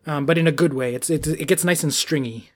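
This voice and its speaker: Man, fairly high voice, animated podcast chat, laughs a lot, swears. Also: fairly quick. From New York.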